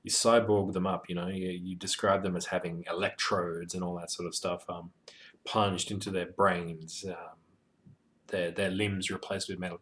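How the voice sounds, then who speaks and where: A man's voice: low voice, moderate pace. A man talking casually about running tabletop games, rambling with many ums and you-knows, sweary and joking. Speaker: tabletop game master giving advice. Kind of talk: casual advice monologue.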